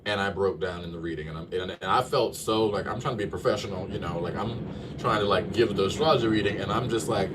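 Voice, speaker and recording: A male astrologer telling his viewers a personal story in a casual, animated way, often checking in with them. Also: lowish voice, fairly quick, recorded from a distance, heavy background noise. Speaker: astrologer and tarot reader.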